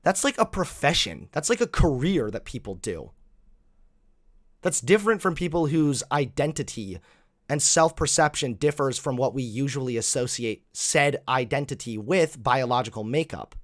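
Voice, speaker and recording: A man hosting reaction commentary, animated, mocking and profane. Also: medium pitch, normal speed. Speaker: host.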